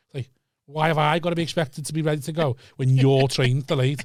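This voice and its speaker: Young man, podcast co-host, fast sweary storyteller, dry room. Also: on the high side, no room sound. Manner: sweary, animated anecdote-telling. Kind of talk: casual chat, storytelling.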